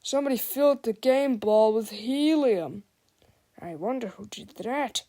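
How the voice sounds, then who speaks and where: A woman voicing excited fans in the stands, shouting loudly in a high voice during a storybook reading. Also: unhurried, lightly acted. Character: excited crowd of sports fans.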